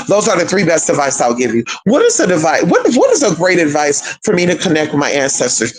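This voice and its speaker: A sassy young man, spinning a family story for his viewers. His voice sits high and swings all over the place as he talks, full of profanity and little asides of "girl" and "honey.". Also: wildly swooping pitch, fast talker, hardly any pauses, low-quality recording. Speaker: spiritual content creator.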